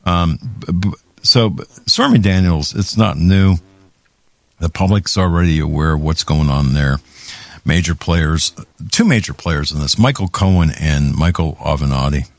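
A man's voice: extremely low pitch, a little slow, dry recording. A man hosting a talk show, giving heated political commentary with many restarts and stumbles. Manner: heated, ranting, with frequent restarts.

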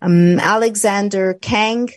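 A woman's voice: medium pitch, steady tone, takes it slowly, no room sound. A woman co-hosting a talk show, chatting in a rambling way with sarcastic asides. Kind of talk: casual chat.

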